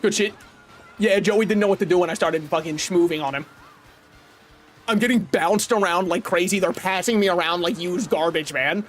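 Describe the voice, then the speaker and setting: A man streaming a racing game live, commentating with excitable, profane banter toward the other players and chat. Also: sits high, moderate pace. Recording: faint game music behind.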